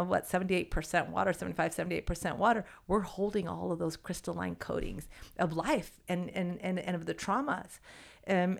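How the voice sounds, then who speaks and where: A woman therapist speaks at a middle pitch with a gravelly edge of vocal fry. She explains in a conversational way, acting out the voices in the quotes she tells and often tagging her points with "right?". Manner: acts out quoted voices, tags sentences with "right?".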